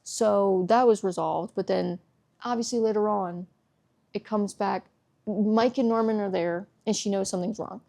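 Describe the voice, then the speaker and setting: A woman's voice: mid-range voice, steady tone, moderate pace, creaky, dark tone. A woman book vlogger giving an exasperated, swear-heavy casual review rant at home.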